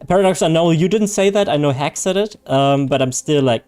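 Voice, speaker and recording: A man's voice: fairly high pitch, a little fast, darkish tone, clean tone. Chatty, laughing male game streamer. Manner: chatty, laughs often, loose and joking. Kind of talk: casual live-stream chat, reading chat.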